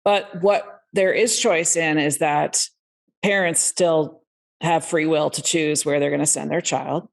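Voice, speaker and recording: A woman's voice: sits low, fairly even intonation, measured pace, gravelly. A woman hosting a podcast interview, upbeat and conversational as she welcomes listeners and asks her guest questions. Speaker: podcast host.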